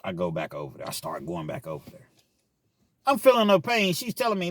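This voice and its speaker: A man's voice: mid-range voice, huge pitch swings, fairly quick, no room sound. A man telling a personal story in casual, slangy talk as a vlog host. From Kentucky, US.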